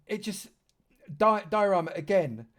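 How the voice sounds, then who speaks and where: A man's voice: high voice, expressive, a little slow. A man giving a chatty live tour of a game server, heaping praise on what he shows. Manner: effusive, chatty, lavish with praise. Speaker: streamer touring a game server. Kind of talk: live gameplay tour commentary.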